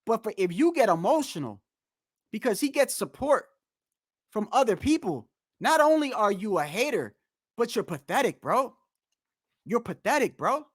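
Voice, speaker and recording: This livestream host's voice sits high with big pitch swings and a breathy edge, at a moderate pace with frequent pauses. He rants casually while answering chat, blunt and cursing a lot, in a studio-quality recording with no echo.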